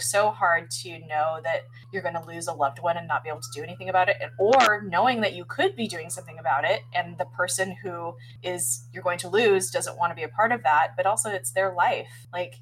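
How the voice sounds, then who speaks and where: A woman's voice: fairly low pitch, slight background noise, poor audio. Chatty woman recapping a show. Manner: chatty, heavy use of "like" and "um", animated retelling. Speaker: podcast host recapping a TV episode. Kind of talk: casual chat.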